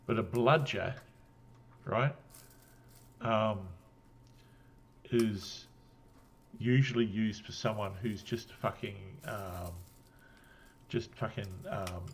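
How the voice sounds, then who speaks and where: A man's voice: lowish voice, takes it slowly, pauses often, slight background noise. A man with a New Zealand accent chatting casually on a stream, rambling, swearing and laughing often after a drink. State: had a drink. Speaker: guest on a livestream. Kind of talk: casual chat.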